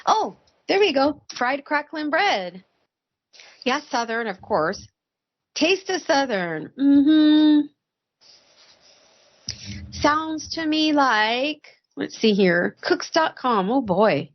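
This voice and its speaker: A woman's voice: sits high, sing-song, takes it slowly, pauses often, highs cut off. A woman hosting a casual live stream, chatting, reading viewer comments aloud and laughing often. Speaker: host.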